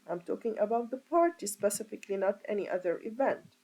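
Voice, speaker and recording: A woman's voice: mid-range voice, expressive, darkish tone, a little hiss or hum, low-quality recording. A woman teaching a grammar lesson as an English teacher, explaining step by step and asking her class rhetorical questions. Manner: slow, deliberate, asks rhetorical questions.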